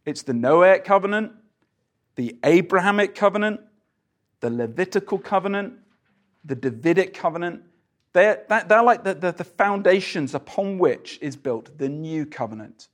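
A man leading an interactive Bible study in church, talking conversationally with fillers and restarts, and growing animated when he reads scripture aloud. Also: sits high, normal speed. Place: church gathering.

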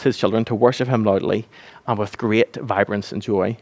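A man preaching a sermon, earnest and animated when he acts out scenes. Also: on the low side, normal speed, no echo.

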